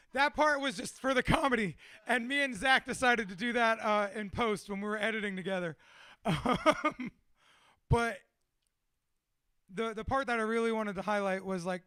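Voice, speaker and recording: Man, high bright voice, tattoo artist, casual storytelling, heavy swearing. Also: clear, resonant tone, no room sound, studio quality. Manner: profane, animated, laughs through his stories. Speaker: tattoo artist and podcast guest.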